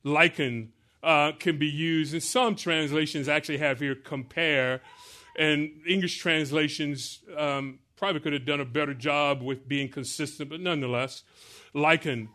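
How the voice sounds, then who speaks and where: A man preaching a sermon to a congregation, drawing answers from the pews, joking about aging, and slowing down to stress scripture lines. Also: on the high side, steady tone, pushed and bright. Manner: call-and-response preaching, asks the congregation to answer. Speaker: pastor.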